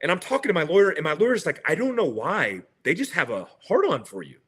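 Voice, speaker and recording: Guest, male, middle-aged: lively storyteller, bright and slightly high voice, acts out dialogue. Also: quick pace, husky. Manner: retells with quoted dialogue and laughs. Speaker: interview guest. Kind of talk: animated storytelling.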